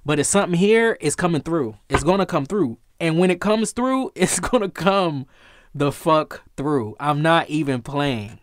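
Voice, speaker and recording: A man giving an excited tarot reading, swearing often and talking to his viewers. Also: on the high side, measured pace, no echo, studio quality. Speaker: tarot reader.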